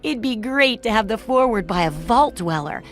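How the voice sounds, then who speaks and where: A woman voicing an eccentric shopkeeper who is bubbly and eager to chat. Her voice is high and bouncy, with a lively up-and-down lilt. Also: normal speed, natural voice. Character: cheerful eccentric female shopkeeper and tinkerer. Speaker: game character.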